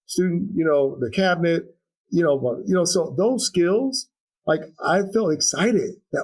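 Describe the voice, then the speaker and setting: A man's voice: a little high, animated, measured pace, a little mellow, slightly rough, low-quality recording. Earnest, reflective man in an interview. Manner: earnest, reflective, many restarts and fillers. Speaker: guest. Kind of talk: conversational interview.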